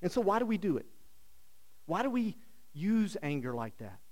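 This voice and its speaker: A middle-aged man preaching a sermon, telling stories with rhetorical questions and swinging from loud bursts to hushed lines. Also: high-pitched, sing-song, normal speed. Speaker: pastor.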